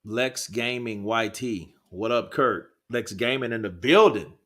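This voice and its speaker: A man's voice: mid-range voice, a little slow, a bit bright. A man hosting a live boxing stream, reading viewer comments and chatting in a rambling, laid-back way with plenty of swearing. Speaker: livestream host.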